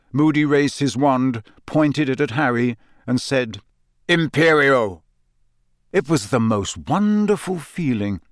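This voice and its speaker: A man reading an audiobook in steady, even scripted narration. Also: mid-range voice, dry recording, studio quality.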